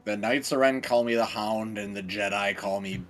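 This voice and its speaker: A man's voice: lowish voice, moderate pace, a bit bright. A man playing in a tabletop game, easygoing and joking. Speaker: player. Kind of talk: casual tabletop play.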